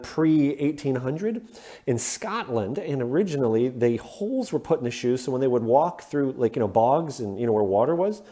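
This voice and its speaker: Midwest guy explaining stuff step by step, mellow easygoing voice, keeps saying okay. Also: medium pitch. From Midwestern United States. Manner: plain-spoken, explains step by step with frequent "okay?" check-ins. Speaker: shoe hobbyist host. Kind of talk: casual instructional explanation.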